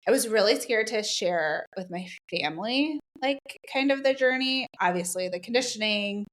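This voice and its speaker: A middle-aged woman, a podcast guest, telling personal stories in a casual way and acting out quoted dialogue with lively jumps in pitch. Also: normal speed. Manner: many fillers like "um" and "like". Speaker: guest, Reiki practitioner. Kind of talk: casual conversational storytelling.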